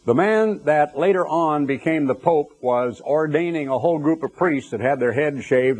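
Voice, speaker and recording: A man's voice: mid-range voice, darkish tone. A middle-aged man preaching a sermon, telling stories with conversational asides to the congregation.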